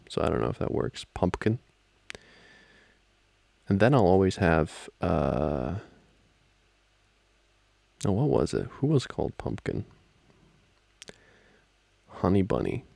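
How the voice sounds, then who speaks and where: A young man speaks in a whispered role-play as a gentle boyfriend, his low voice slow and textured with fry. He sounds playful and soft, chuckling between thoughts and letting his pitch roam widely. The recording is dry and close to the mic. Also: very animated, no echo. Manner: soft-spoken, playful, laughs often.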